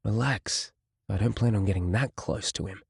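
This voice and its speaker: A man voicing a calm, confident male prison guard who talks in a relaxed, dismissive way, for an audiobook. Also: lowish voice, moderate pace, vocal fry, breathy edge, dry recording, clean studio sound, full character voice.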